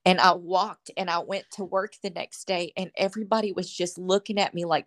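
A woman shares her personal faith testimony as a podcast guest. Her voice sits low for a woman, and she tells her story with earnest, emotional conviction. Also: fairly even intonation, a little fast, hardly any pauses.

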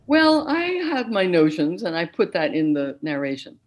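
An older woman, a concert narrator, speaking clearly and deliberately as an interview guest. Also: fairly low pitch, sing-song. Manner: clear, deliberate, articulate speech. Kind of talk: interview conversation.

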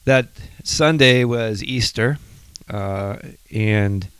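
A man's voice: on the low side, drawn-out words, a bit bright, clean tone, dry recording. A man co-hosting a casual faith podcast, a chatty storyteller who laughs easily. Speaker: podcast co-host.

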